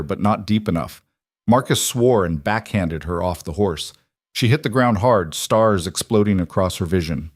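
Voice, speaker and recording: A man narrating a dramatic fantasy story in a steady, scripted storytelling read. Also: on the low side, dry recording, clean studio sound.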